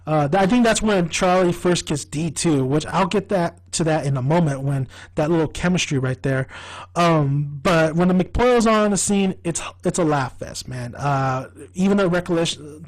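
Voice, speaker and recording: A man giving a casual, rambling fan review of a TV comedy. He gets excitable, laughs often and swears freely. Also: a little high, rough recording. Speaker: TV show reviewer.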